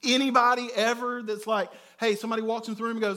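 A man preaching a sermon as a pastor, conversational and animated, often checking in with "right?". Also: very high voice, racing, hardly any pauses. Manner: conversational, with frequent "right?" tags; animated storytelling with bursts of loudness.

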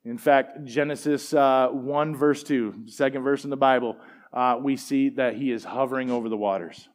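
A middle-aged man preaching a sermon and telling personal stories in a relaxed, conversational way, with plenty of fillers. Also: medium pitch, normal speed. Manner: conversational, animated storytelling with fillers. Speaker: pastor. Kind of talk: sermon storytelling.

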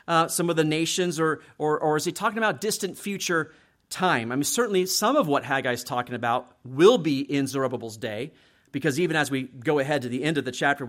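Conversational pastor preaching, tag questions. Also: male voice, fairly high pitch, a bit bright. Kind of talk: sermon.

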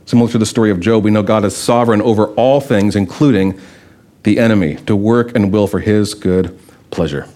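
A man's voice: on the low side, a little fast, dark tone. Conversational male pastor preaching. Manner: conversational, rhetorical questions, storytelling. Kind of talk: sermon.

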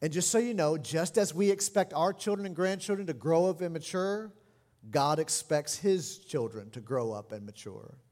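A middle-aged man preaching a sermon as pastor, animated and expressive, lively in his delivery. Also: on the high side, moderate pace. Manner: animated preaching, lively mimicry of scolding parents. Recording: long hall reverb.

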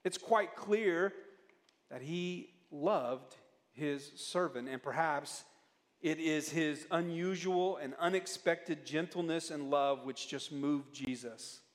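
A man preaching a sermon as a pastor, earnest and often dropping into soft, low tones when he pleads. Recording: long reverb of a church hall.

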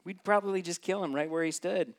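A man's voice: sits high, fast, vocal fry. A male preacher giving a sermon in a conversational way, often putting questions straight to the listeners.

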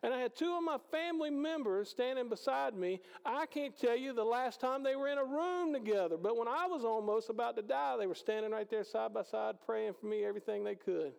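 Male preacher, high and gravelly, conversational sermon, long hall echo. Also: fairly quick, hardly any pauses. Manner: conversational preaching, swings between loud and hushed. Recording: hall reverb.

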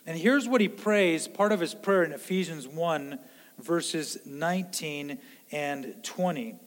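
High-voiced preaching man in a hall. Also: takes it slowly. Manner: earnest preaching, swings from loud to hushed. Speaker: pastor. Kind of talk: sermon.

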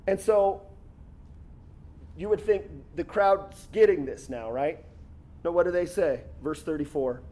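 A man preaching a sermon with a fairly high voice. He talks in a lively, conversational way and acts out the lines he quotes. His pitch and loudness rise and fall as he makes his points. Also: unhurried, long pauses. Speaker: pastor.

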